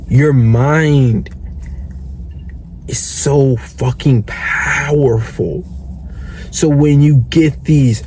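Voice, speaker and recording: Young male coach, slow earnest sermon-like pep talk, casual swearing, faint noise behind. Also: medium pitch, darkish tone. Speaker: self-improvement coach. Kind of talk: motivational monologue.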